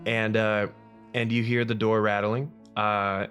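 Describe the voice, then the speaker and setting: Casting: lower-voiced guy running a tabletop game, stumbles and restarts a lot, faint music bed. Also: level tone, fairly bright tone. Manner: halting, many restarts and fillers. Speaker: game master.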